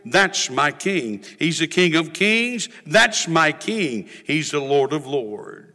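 A man preaching a sermon in a church, with a rhythmic, rising and falling cadence and drawn-out refrains. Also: a little high, sing-song, bright, forceful tone. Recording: reverberant hall.

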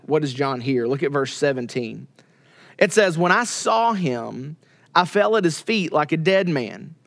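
A man preaching with a high, bright voice as a pastor. He lets key phrases fall to a near hush, then climbs and pushes hard when he drives a point home. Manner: dramatic pauses, drops to a hush for quoted words. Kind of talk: sermon.

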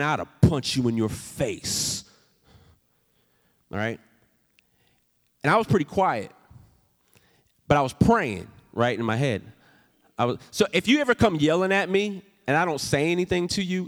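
A man preaching a sermon as pastor, swinging from loud emphatic lines to soft, hushed storytelling. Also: fairly high pitch, animated, normal speed, pauses often, big-room sound. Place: church sanctuary.

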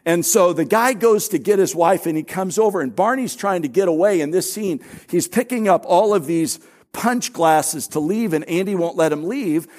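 A man's voice: high voice, animated, normal speed, darkish tone. A middle-aged man preaching as a pastor, telling stories conversationally with self-deprecating humor. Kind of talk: conversational sermon.

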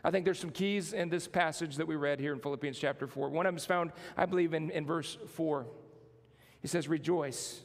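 A man's voice: on the high side, brisk, vocal fry, long reverb tail. A man preaching a sermon as pastor, building emphasis and calling on the congregation to respond.

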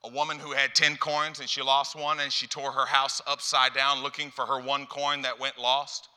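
A man's voice: mid-range voice, flat delivery, normal speed, pushed and bright, smooth. A man preaching a sermon as a pastor, telling stories and acting out dialogue with lots of repeated phrases. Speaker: youth pastor. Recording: long hall reverb.

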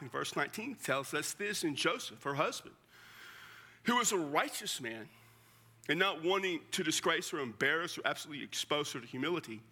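Older pastor, bright, conversational. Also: male voice, on the high side. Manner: conversational, emphatic, drops to a hush at emotional points. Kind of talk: sermon.

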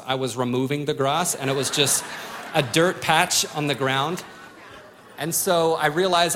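A male preacher with a fairly high voice delivers a sermon. He tells a personal story and acts out the lines of each person in it. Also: fairly bright tone. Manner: storytelling with acted-out quotes. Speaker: pastor.

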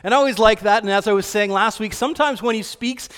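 A man pastor preaching a relaxed, conversational sermon, telling stories with fillers and restarts. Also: sits high, quick pace, clear, resonant tone. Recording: long reverb of a hall.

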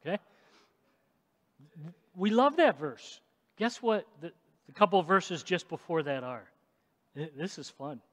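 A male pastor preaching an emphatic sermon in a church, swinging between loud declarations and hushed asides. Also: high voice, animated, a little slow, long pauses. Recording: long hall reverb.

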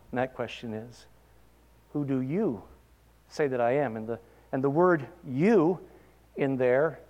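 A man's voice: mid-range voice, a little mellow, in a large hall. A man preaching a sermon, asking his listeners pointed questions and building to emphatic peaks. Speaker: pastor.

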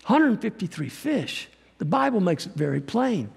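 A high-pitched man preaches in a folksy, animated way, his voice thick with gravel. It rings out with a long reverb, as in a big church hall. He often slips into acted-out quotes. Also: normal speed. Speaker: pastor and missionary. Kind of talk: sermon.

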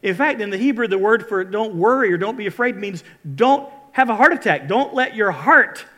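A man preaching a sermon to a church congregation as their pastor, retelling scripture in an animated storytelling way. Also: high-pitched, normal speed. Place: church service before a congregation.

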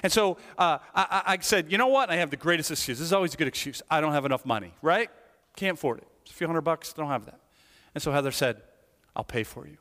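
A man giving a sermon testimony, telling his story with lively acted-out asides. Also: a little high, fast talker. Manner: animated storytelling, acting out his younger self. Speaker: pastor. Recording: long hall reverb.

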